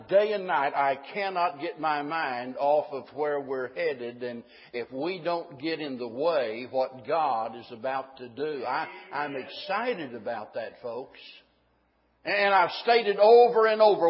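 A man's voice: fairly high pitch, husky, big-room sound, highs cut off. A man preaching a sermon to his congregation in a folksy manner that rises into emphatic preaching. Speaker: pastor.

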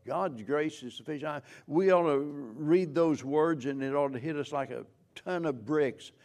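A man preaching a sermon as pastor, slow and measured, with frequent restarts. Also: fairly high pitch, darkish tone.

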